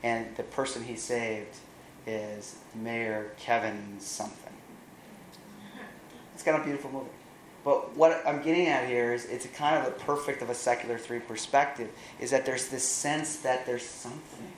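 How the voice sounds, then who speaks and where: Guy preaching and retelling a movie plot, lively with dry little jokes, echoey room with faint hum behind. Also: medium pitch, normal speed. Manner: animated retelling with wry asides. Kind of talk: sermon storytelling.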